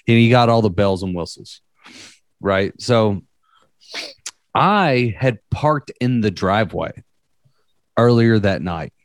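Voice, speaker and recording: A man's voice: lowish voice, lively intonation, takes it slowly, pauses often, no echo, clean studio sound. A young man telling a story in casual chat, rambling and profane, with many fillers.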